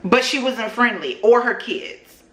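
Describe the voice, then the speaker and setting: A woman vlogger telling a story to her viewers at home in an animated, chatty way, talking to them directly. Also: fairly high pitch, a little slow. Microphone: camera microphone. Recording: roomy echo.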